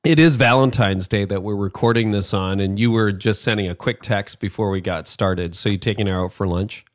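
A man's voice: on the low side, a little fast, no room sound, studio quality. A man hosting a podcast, reading an ad and interviewing a guest in an upbeat, chatty way with casual fillers. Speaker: podcast host.

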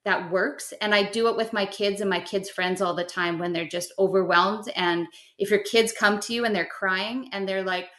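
A middle-aged woman talks a listener through a simple practice in a gentle, step-by-step way. Her voice sits at a middle pitch for a woman. The room gives her voice a noticeable echo. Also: fairly even intonation, moderate pace, few pauses. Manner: gentle, instructive, step-by-step guidance. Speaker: guest teaching spiritual practice. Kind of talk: explanatory podcast chat. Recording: roomy echo.

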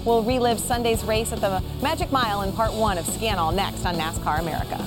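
A woman's voice: medium pitch, over music. Polished woman hosting a racing show. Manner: brisk, polished segment links. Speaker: show host. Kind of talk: studio hosting.

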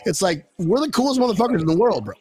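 High-voiced excitable man host. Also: quick pace, breathy edge. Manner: excitable, swears freely, bro talk. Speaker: podcast host. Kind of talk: casual chat.

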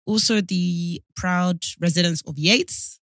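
Woman podcast co-host, low-ish voice, animated and opinionated, dry close sound. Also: takes it slowly, no echo. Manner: animated, opinionated, laughs often. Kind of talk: casual chat.

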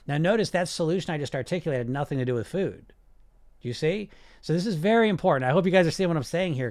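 In clean studio sound with no room noise, a fairly high-pitched man addresses his audience head-on. He's the host of a weight-loss coaching show, full of energy, prone to repetition, delivering casual live coaching talk.

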